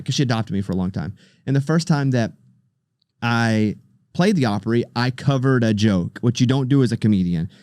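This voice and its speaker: A man telling a story as a podcast guest, his voice at an ordinary middle pitch. He talks in an animated way and acts out the people he quotes. The sound is dry and close, with no room echo. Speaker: podcast guest, radio host and comedian. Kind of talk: casual storytelling interview.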